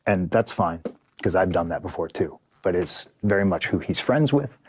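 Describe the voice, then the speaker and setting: A man's voice: low voice, lively intonation, normal speed, darkish tone, breathy edge, no echo. A man in a casual podcast interview, telling a story in a profane, vivid way and acting out what others said. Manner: profane, vivid, acts out dialogue. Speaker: podcast guest, pro wrestler.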